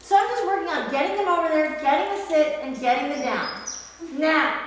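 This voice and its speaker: A woman's voice: high-pitched, expressive, a little fast. Upbeat woman trainer in an echoey hall. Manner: upbeat, praising the puppy between explanations. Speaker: dog trainer. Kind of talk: instructional dog training demo. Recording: echoey hall with faint noise.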